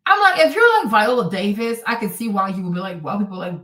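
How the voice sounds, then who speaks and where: A woman hosting a livestream and commenting on clips in a blunt, exclamatory manner. Her pitch swings widely and stays fairly high. The sound is echoey, as if picked up from across a room. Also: animated, quick pace, a bit bright. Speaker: host. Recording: roomy and distant from the mic.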